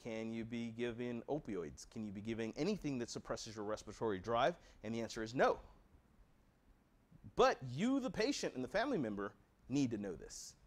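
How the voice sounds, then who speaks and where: A man's voice: mid-range voice, lively intonation, moderate pace. Earnest American man teaching patients. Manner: earnest, direct, asks rhetorical questions. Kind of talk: educational talk to patients and families.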